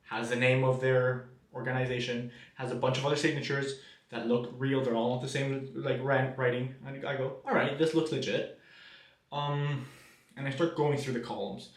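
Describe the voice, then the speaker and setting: A man's voice: mid-range voice, reverberant. A young man from Mexico, telling a personal story to camera in a self-deprecating way, with hesitant restarts. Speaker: vlogger.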